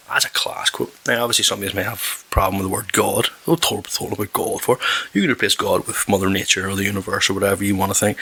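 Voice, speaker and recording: Sharp-toned and slightly rough, this man's fairly low voice carries a Northern Irish accent from West Belfast. Hosting a podcast, he chats in a casual, profane, meandering way, often stopping to correct himself and start his sentences over.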